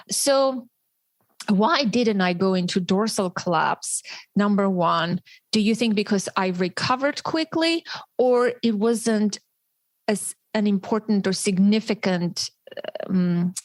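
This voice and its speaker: A woman hosting a podcast interview, telling a personal story in an animated way, with frequent restarts. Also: on the high side, no room sound. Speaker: podcast host.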